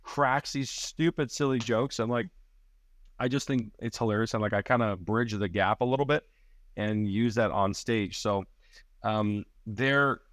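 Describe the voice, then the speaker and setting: A man's voice: lowish voice, unhurried, fairly bright tone, dry recording. A man from Canada, a comedian guest, telling loose, profane stories full of filler words on a podcast. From Richmond Hill, Ontario, Canada. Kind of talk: casual podcast storytelling.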